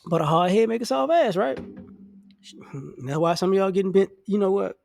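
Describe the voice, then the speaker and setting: Male ranter, high lively voice with gravel, mocking and profane, dry close sound. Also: normal speed, no echo. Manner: blunt, profane, mocking, acts out quoted people in high voices. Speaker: commentary vlogger. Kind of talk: casual ranting monologue.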